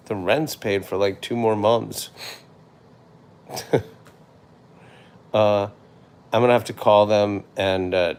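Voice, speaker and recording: A man hosting a casual livestream, rambling and hesitant with many fillers, often trailing off quietly. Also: deep voice, clean tone. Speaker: livestream host.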